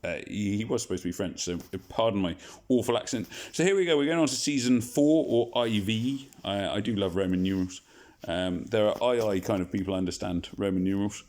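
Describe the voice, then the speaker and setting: A man's voice: fairly low pitch, fairly quick, darkish tone. A man hosting a casual gaming video, rambling and joking at his own expense. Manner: rambling, jokey, self-deprecating. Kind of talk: casual game commentary.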